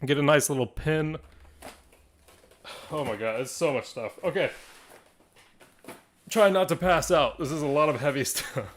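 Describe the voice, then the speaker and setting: Excitable man hosting a live stream, slightly high voice. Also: unhurried, pauses often, a little hiss or hum. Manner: excitable and rambling, laughs often. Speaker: livestream host of a card shop. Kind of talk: live stream chat to viewers.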